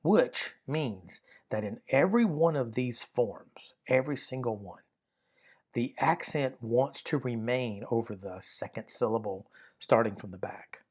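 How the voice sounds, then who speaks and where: A man's voice: medium pitch, lively intonation, measured pace, a little mellow, breathy edge. Patient man teaching Greek grammar. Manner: patient, methodical, repeats key points. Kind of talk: explanatory teaching lesson.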